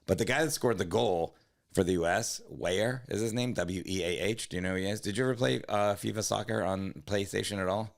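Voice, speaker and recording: A man's voice: fairly low pitch, brisk, creaky. A man co-hosting a comedy podcast, chatting casually in a rambling, profane way that often trails off. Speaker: podcast co-host.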